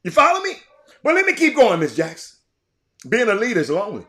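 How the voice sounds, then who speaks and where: An older man giving an impassioned monologue as a show host, repeating himself and swinging between loud outbursts and quiet, reflective stretches. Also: high voice, huge pitch swings, fast talker. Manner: fiery, repetitive, swinging from shouting to quiet.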